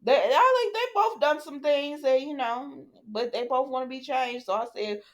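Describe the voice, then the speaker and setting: A woman's voice: high-pitched, animated, moderate pace. A young woman, casually recapping a soap opera and talking straight to her viewers with opinions.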